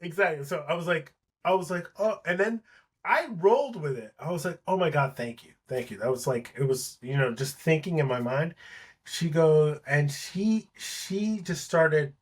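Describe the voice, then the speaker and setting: Male actor guest, husky, a bit high, animated storyteller, casual and profane. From Palestinian family. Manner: animated storyteller, swears freely. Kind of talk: casual chat.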